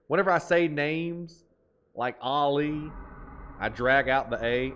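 A man's voice: on the high side, measured pace, fairly bright tone, clean tone. A man with an Appalachian twang, chatting casually while streaming a game, reading chat aloud and laughing easily.

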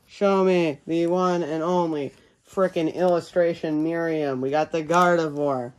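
A man narrates his trading card pack openings in a loose, rambling way, cracking little jokes to himself and slipping into talking about himself in the third person. He takes his time, speaking at a slow, easygoing pace. The chat is casual and off the cuff. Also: fairly high pitch, fairly even intonation, slight background noise. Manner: rambling, jokey self-talk, refers to himself in third person. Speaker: card-opening video host.

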